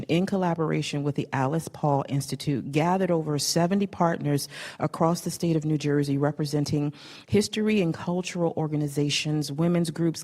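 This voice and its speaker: Warm low-voiced woman reading a tribute. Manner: effusive, gets emotional near the end. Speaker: council member presenting an award. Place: council meeting chamber.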